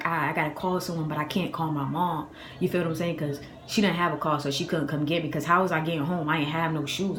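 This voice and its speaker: Brief: young woman with a Boston accent, low-pitched, animated slangy storyteller; echoey room, faint hiss. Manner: animated, slangy, acts out quotes in a raised voice. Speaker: vlogger. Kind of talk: casual storytime. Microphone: phone camera.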